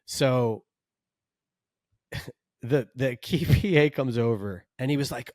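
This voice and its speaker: A man co-hosting a podcast about stunt work, telling set stories in a casual, animated way, acting out what people said and swearing freely. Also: medium pitch, takes it slowly, pauses often, no room sound, clean studio sound. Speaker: podcast co-host, stunt performer. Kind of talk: casual storytelling chat.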